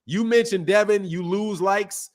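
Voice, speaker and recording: A man's voice: high-pitched, a little slow, noisy background. A man hosting a casual boxing livestream, reading viewer comments in a slangy, laid-back way, with a sore throat. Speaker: boxing channel host. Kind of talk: casual livestream chat reading super chats.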